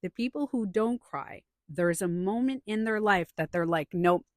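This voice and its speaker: A woman's voice: medium pitch, moderate pace, dry recording, studio quality. A woman talking casually about feelings, telling stories and acting out what people said. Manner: animated storytelling, acts out quotes. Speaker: podcast host. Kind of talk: casual opinion talk.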